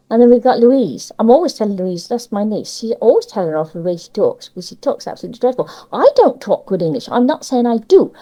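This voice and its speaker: A woman's voice: on the high side, mellow, low-quality recording. Chatty older Cornish woman. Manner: chatty, opinionated, emphatic. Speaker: interviewee. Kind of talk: casual conversation.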